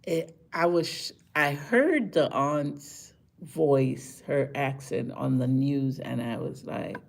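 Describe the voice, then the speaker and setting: A woman talking casually to live-stream viewers, chatty and indignant, repeating words for emphasis, tired after a rough morning. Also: extremely low pitch, slow.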